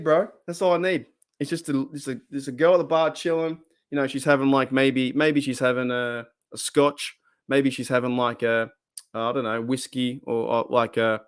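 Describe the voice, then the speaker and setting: A man's voice: medium pitch, clean tone. A man with an Australian accent hosting a casual live stream, rambling, repeating himself and laughing often.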